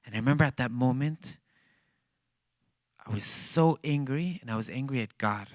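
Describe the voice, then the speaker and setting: A man giving a church talk as animated, conversational storytelling. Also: mid-range voice, moderate pace, no echo. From Israel. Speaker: guest speaker. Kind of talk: storytelling testimony.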